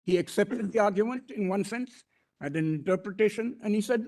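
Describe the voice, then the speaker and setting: High-voiced Indian man arguing in court. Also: darkish tone. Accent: Indian English. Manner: deferential, repeatedly addressing the bench as my lord; emphatic, with halting restarts. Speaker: senior advocate arguing before a court bench. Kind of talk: formal courtroom argument.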